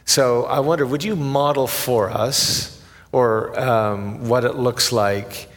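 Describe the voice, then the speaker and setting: A man's voice: medium pitch, slow pace, long reverb tail. A man hosting an interview, asking thoughtful, hesitant questions. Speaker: interview host.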